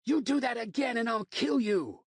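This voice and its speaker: A man's voice: extremely high pitch, lively intonation, a little fast, slightly rough, no echo, pitched above the performer's own voice, exaggerated voice. A man voicing an enraged young male college student who screams in fury. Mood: furious.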